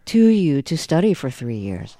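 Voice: medium pitch, sing-song, normal speed, dark tone, no echo. An interviewer asking probing, conversational questions.

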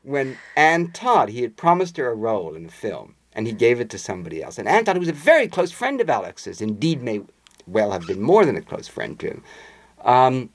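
A man's voice: mid-range voice, fairly quick. A man being interviewed, telling long anecdotes in a conversational way and acting out the voices of the people in them. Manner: animated raconteur, acts out quoted voices. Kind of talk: conversational storytelling.

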